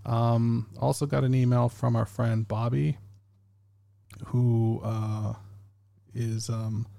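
A man's voice: mid-range voice, flat delivery, slow pace, gravelly, warm tone. A man hosting a podcast, rambling casually with many fillers and restarts. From Canada. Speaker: podcast host.

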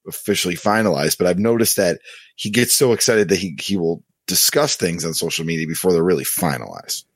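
Low voiced guy co-hosting wrestling chat, reads quotes, lots of ums, dry sound. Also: dry recording. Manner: reads out quotes, filler-heavy. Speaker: podcast co-host. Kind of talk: casual wrestling news chat.

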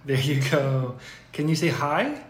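A young father hosting a casual podcast, gently and patiently coaxing his toddler to say words. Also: fairly high pitch, expressive, measured pace, echoey room. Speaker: podcast host.

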